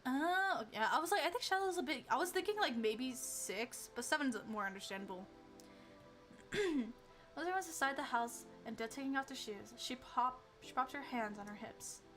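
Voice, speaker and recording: A woman's voice: sits high, animated, moderate pace, fairly bright tone, soft background music. A young woman streamer reading a story game aloud, chatting animatedly and giggling between lines.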